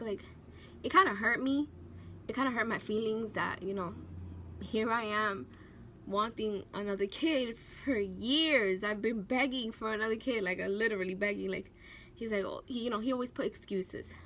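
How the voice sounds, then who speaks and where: A young woman with a slightly high voice tells a personal story on her vlog. She is animated and emotional, and her talk is full of fillers and acted-out quotes. A faint hiss of background noise sits under her voice. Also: moderate pace. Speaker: vlogger.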